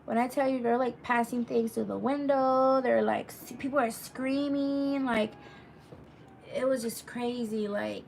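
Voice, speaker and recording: A woman's voice: on the high side, steady tone, a little slow, vocal fry, a little mellow, far from the mic, slight background noise. A woman telling a story casually on a live stream, rambling and chatty with lots of asides to her viewers, reading their comments aloud as she goes.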